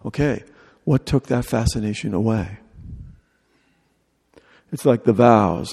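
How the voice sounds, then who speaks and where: Male preacher, mellow and husky voice, chatty jokey delivery, reverberant hall. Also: fairly low pitch, slow pace, pauses often. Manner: humorous, conversational preaching with mock dialogue. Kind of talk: sermon.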